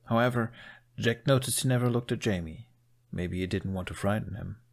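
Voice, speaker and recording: A man reading a fan fiction story aloud as narrator, in a steady, even manner. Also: lowish voice, brisk, creaky. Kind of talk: audiobook narration.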